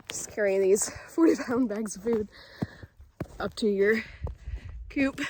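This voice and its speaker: A woman's voice: medium pitch, slow pace, long pauses, warm tone, slight background noise. A woman chatting casually on a homestead vlog, slightly out of breath, recorded outdoors on a handheld camera. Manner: chatty, bubbly, laughs easily. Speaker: homesteading vlogger. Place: outdoors on a farm, by a chicken coop.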